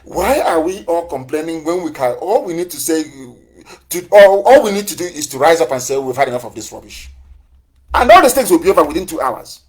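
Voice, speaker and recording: A man's voice: on the high side, animated, a little fast, slightly rough. A man giving a fiery live broadcast address as a movement leader, full of repetition and rhetorical questions. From southeastern Nigeria.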